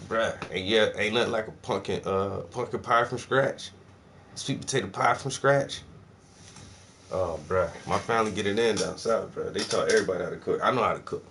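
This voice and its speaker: A man's voice: lowish voice, moderate pace, a bit bright, slight background noise. A man from South Carolina chatting casually for his vlog at home, loose and profane, laughing often. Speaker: vlogger. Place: indoors at home.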